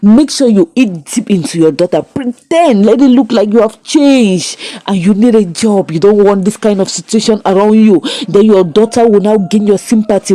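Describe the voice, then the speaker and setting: A woman, recapping a comedy series in an animated storytelling way, with emphatic asides to her viewers. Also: medium pitch, no room sound, rough recording. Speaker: show recap reviewer. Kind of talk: casual recap commentary.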